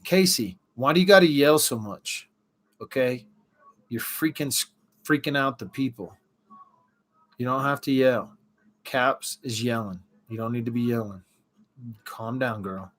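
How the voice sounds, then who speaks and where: A man's voice: medium pitch, a little slow, pauses often, fairly bright tone. A middle-aged man casually chatting on a livestream, reacting to viewers' comments as he talks. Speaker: livestream host.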